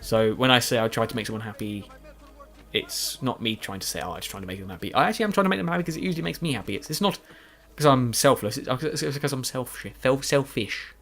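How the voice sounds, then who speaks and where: A man's voice: medium pitch, very animated, quick pace, gravelly, a bit bright. A man giving rambling, self-deprecating post-recorded commentary over a video game, tired and yawning late at night. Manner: meandering, self-deprecating, many restarts and fillers. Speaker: gaming YouTuber.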